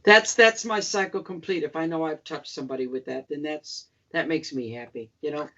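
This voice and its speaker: A gravelly woman in her seventies speaks as an interview guest. She is emphatic and circles back to repeat her main points. The sound comes through a dull, lo-fi line. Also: low-pitched, fairly quick, sharp tone. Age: 70s. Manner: emphatic, repeats key phrases. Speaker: musician guest. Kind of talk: interview conversation.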